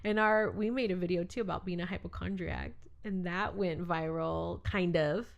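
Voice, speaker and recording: A woman's voice: on the low side, steady tone, moderate pace, vocal fry, dull audio. A young adult woman co-hosting a podcast in casual chat, chatty, laughing often and talking over her friend. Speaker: podcast co-host.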